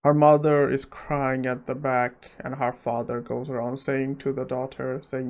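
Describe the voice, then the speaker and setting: A man's voice: medium pitch, level tone, measured pace, few pauses, darkish tone. A man narrating a manhwa story recap in plain retelling.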